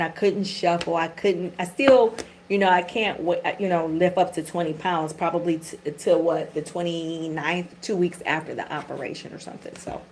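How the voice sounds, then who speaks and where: A woman's voice: fairly low pitch, heavy background noise. A middle-aged woman hosting a tarot channel, chatting candidly and casually with her viewers, with frank swearing and everyday slang. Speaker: tarot reader and channel host. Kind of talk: casual livestream chat.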